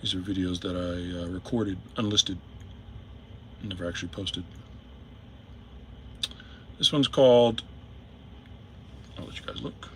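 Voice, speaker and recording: A man's voice: low voice, fairly even intonation, measured pace, long pauses, a little hiss or hum. A man who drives trucks, talking casually and emphatically to his viewers, repeating his points. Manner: repetitive, emphatic, addresses viewers directly. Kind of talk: casual to-camera monologue. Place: in a vehicle.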